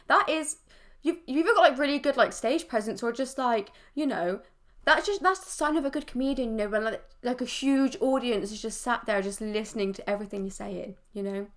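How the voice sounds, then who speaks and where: A young woman hosting a reaction video, chatting casually and filling her speech with "like". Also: high voice. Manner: chatty, heavy use of filler "like". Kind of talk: casual chat.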